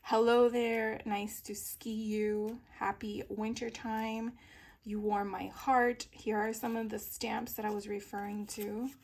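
A woman in a casual craft haul video, reading sticker captions aloud slowly and giggling at the puns. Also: a little high, flat delivery, darkish tone. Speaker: papercraft vlogger.

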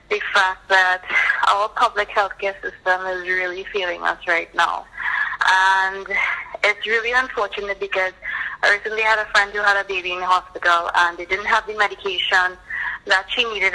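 A woman calling into a talk show, earnest and frustrated, speaking in halting starts. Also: medium pitch, sharp tone, poor audio. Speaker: caller.

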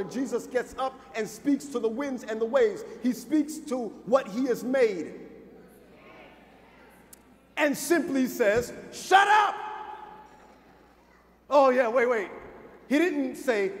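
High-voiced preacher man in a reverberant hall. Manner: emphatic, preaching with shouted peaks and slowed lines; informal, addresses crowd as y'all. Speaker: pastor. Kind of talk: sermon. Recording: reverberant hall, faint noise.

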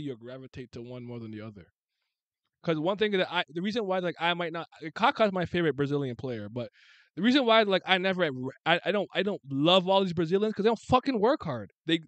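A man hosting a casual sports chat, blunt and animated, swearing freely and restarting his sentences. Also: fairly high pitch, fast, dry recording.

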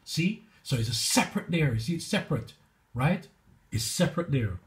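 A man's voice: fairly high pitch, lively intonation. A man teaching from scripture in response to a played clip, emphatic and constantly checking in with "right?" and "okay?". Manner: reads verses aloud slowly, then argues back. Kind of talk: preaching commentary on a played video.

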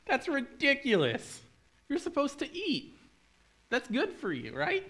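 A sly serpent with a higher, sing-song voice that climbs high as it scoffs at any danger, as a man does the voice. The tempter sounds smooth and coaxing. Its tone is bright and forward. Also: wildly swooping pitch, measured pace, exaggerated voice. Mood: scoffing. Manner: coaxing, mockingly reassuring.

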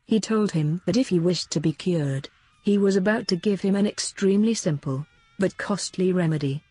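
Woman narrator, formal audiobook read, husky, dark tone. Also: fairly low pitch, moderate pace, no echo. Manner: steady, formal reading. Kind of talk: scripted narration.

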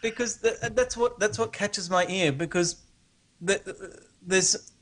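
A man's voice: high voice, takes it slowly, a bit bright. Curious Australian man calling in. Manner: rambling, hesitant, curious questions. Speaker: guest caller. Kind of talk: casual live-stream chat.

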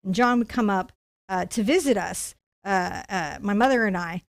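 A middle-aged woman teaching a live painting lesson, telling a story in a chatty, animated way and laughing often. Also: medium pitch, moderate pace. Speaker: painting instructor.

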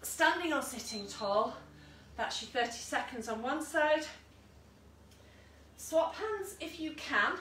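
A woman fitness instructor with a high, bright voice leads an online workout, counting down and cheering people on. She is recorded from a distance in an echoey room at home. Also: lively intonation, slow, slight background noise. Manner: encouraging cues and countdowns with asides. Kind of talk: online exercise class instruction. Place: room at home, with a dog nearby.

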